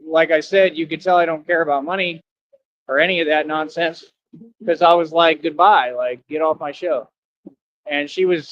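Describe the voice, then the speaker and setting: A man's voice: fairly high pitch, fairly bright tone, lo-fi sound. A man hosting a livestream, talking casually to his chat and mocking commenters in a combative way. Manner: combative, mocking, talks back to viewer comments. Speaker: livestream host.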